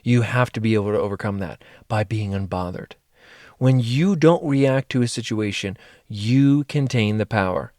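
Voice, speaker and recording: This man, a life coach and mentor, has a lowish, slightly mellow voice at a normal speed. He coaches listeners through a motivational monologue, earnest and direct, leaning on repeated phrases for emphasis, in a dry recording with clean studio sound.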